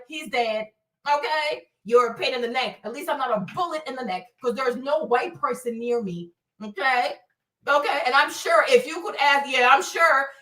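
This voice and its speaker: High bright woman host, brash mocking rant, echoey room, off-mic. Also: distant mic. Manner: loud, mocking, frequent laughter, repetitive. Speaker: show host. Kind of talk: angry profane live-stream rant.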